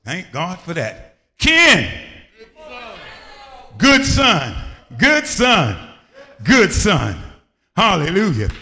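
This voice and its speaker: A man preaching in a church, moving between shouted, sing-song bursts and quieter talk, leading the congregation in call and response. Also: sits high, wildly swooping pitch, slow pace, long pauses. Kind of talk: lively sermon with call and response. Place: church hall. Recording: long church-hall reverb.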